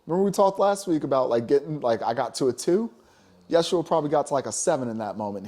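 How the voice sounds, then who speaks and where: A man's voice: on the high side, animated, fast, darkish tone. A man co-hosting a casual spiritual talk show, talking emphatically and preaching, with many "you know?" asides. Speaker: podcast co-host.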